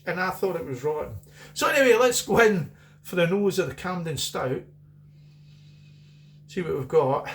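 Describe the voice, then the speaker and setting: A man's voice: sits high, expressive, normal speed, long pauses. A middle-aged Scottish man chatting casually through a beer review, rambling and repeating himself.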